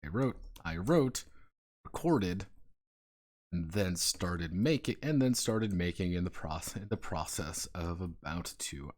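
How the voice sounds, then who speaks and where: A man's voice: low-pitched, animated, takes it slowly, a little mellow. A man chatting casually on a stream, rambling with stumbling restarts and profane banter.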